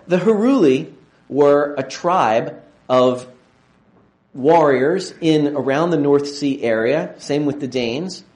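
A man's voice: fairly high pitch, a little mellow. Enthusiastic male lecturer in an echoey room. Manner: enthusiastic, digressive, with restarts. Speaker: university lecturer. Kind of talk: classroom lecture.

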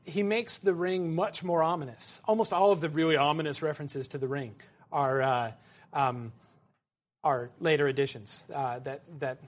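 A middle-aged man teaching a literature class, his voice pitched high for a man. He talks loosely, with fillers and playful asides. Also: moderate pace. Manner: animated, with fillers and acted asides. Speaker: lecturer. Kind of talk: classroom lecture.

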